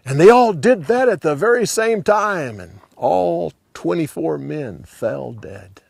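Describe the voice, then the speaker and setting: Animated, slow-telling male Bible storyteller. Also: on the high side, vocal fry, husky, dry recording, studio quality. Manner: animated, dropping to hushed endings.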